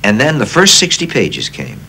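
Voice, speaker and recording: Animated older male storyteller. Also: lowish voice, moderate pace, creaky, a little hiss or hum. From United States. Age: 60s. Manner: animated raconteur, self-deprecating. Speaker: actor guest. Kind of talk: casual interview storytelling.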